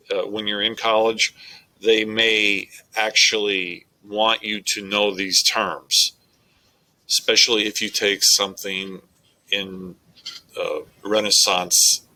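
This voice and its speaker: Slow, bright-toned male teacher. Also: fairly low pitch, rough recording. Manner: slow, explanatory, methodical. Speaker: English teacher. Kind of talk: recorded classroom lecture.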